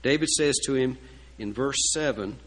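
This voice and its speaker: A man's voice: medium pitch, normal speed, fairly bright tone, low-quality recording. Man preaching a sermon, tells it like a story, folksy little asides, asks the crowd questions. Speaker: pastor.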